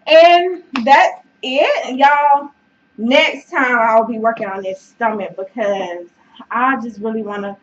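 A fitness vlogger with a medium-pitched voice talks to camera in a casual, encouraging way, chatty and packed with fillers, saying "y'all" and "child," and sometimes out of breath. The recording sounds dull, with faint noise and the mic placed away from her.

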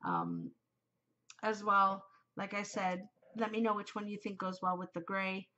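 A middle-aged woman chatting on her own podcast, gushing and openly emotional, her speech running into little asides. Her voice sits at a middling pitch. The recording is muffled and lo-fi, as if from a home setup. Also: animated, unhurried, sharp tone, a little hiss or hum. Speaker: podcast host. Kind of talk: casual chat.

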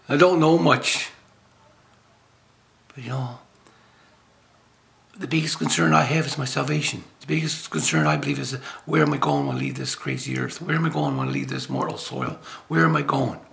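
A man's voice: a little high, big pitch swings, moderate pace, long pauses, a bit bright. An older man from Nova Scotia giving an informal spiritual talk as a lay preacher, rambling and jokey with many restarts. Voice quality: gravelly.

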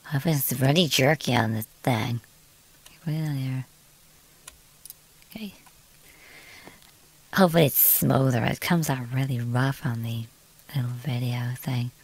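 A British woman streams a game, chatting casually, exclaiming, and muttering to herself as she plays. Her voice is very deep with vocal fry, delivered at a measured pace with frequent pauses.

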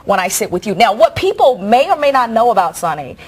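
A woman's voice: a little high, sing-song, a little fast, darkish tone, breathy edge. A woman hosting a talk show, gushing with praise as she introduces her guest. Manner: effusive, gushing. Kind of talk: enthusiastic interview chat.

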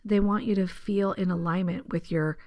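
A woman hosting her own podcast as a medium, talking casually and chattily, laughing often and dropping into soft asides. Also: fairly low pitch, fairly even intonation, moderate pace. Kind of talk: casual solo podcast talk.

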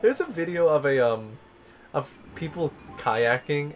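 A man's voice: fairly high pitch, very animated, a little slow. Give me a young man playing a game on a let's-play show, laid-back and distracted, trailing off mid-sentence, with faint game music behind. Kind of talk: casual let's-play banter.

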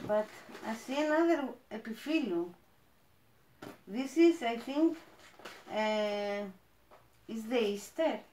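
A woman from Greece with a Greek accent, chatting as she unboxes plants, gushing and halting with fillers. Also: on the high side, lively intonation, warm tone, echoey room, slight background noise. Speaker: plant vlogger. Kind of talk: casual unboxing chat.

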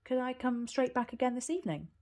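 A woman's voice: high-pitched, lively intonation, fast talker, darkish tone, pitched above the performer's own voice. A woman voicing a young girl in a storybook reading, eager and pleading, sometimes stubborn. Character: eager little girl, stubborn yet sweet.

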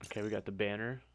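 A man's voice: fairly low pitch, slight background noise. Chatty young man streaming live. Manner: chatty, addresses viewers directly. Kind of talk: live stream commentary to chat.

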